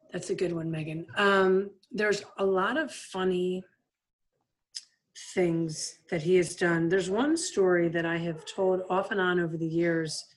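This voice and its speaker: A woman in her fifties, a former player and coach, telling stories in a casual interview, full of "like" and "you know". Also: lowish voice. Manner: lively anecdotal, frequent "like" and "you know".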